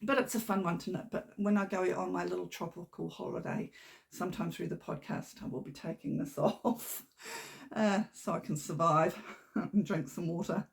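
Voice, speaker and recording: Gravelly-voiced New woman chatting. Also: on the low side, normal speed. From New Zealand. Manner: chatty and rambling, with little laughs. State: slightly shaky voice. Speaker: knitting podcast host. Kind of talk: casual chat. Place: home room. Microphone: camera on a tripod.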